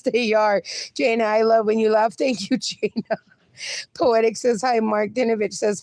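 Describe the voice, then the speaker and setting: A woman hosts a casual livestream, reading chat comments aloud and breaking into frequent laughter. Her voice sits a little high and her delivery is slow and unhurried. The sound is dry and close, with no room echo. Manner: laughs often, reads chat messages aloud; talks sweetly to her dog. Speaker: livestream host.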